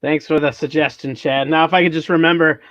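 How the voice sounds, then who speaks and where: A man's voice: fairly high pitch, fairly even intonation, fairly quick, fairly bright tone, no echo, muffled recording. A man hosting a podcast, chatting casually and telling a story, often restarting his sentences. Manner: rambling storyteller, restarts, mock Minnesota accent in quotes. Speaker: podcast host. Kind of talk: casual chat.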